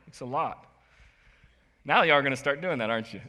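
A man preaching a sermon as pastor, animated, swinging between soft asides and sudden loud bursts. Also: mid-range voice, moderate pace, pauses often. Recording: long hall reverb.

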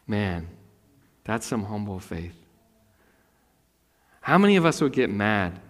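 A man in his thirties preaching a sermon, casual and animated, often jumping into high, loud voices to act out the people in his stories. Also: takes it slowly, pauses often, big-room sound. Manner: animated, acts out voices with sudden high pitch. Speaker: pastor.

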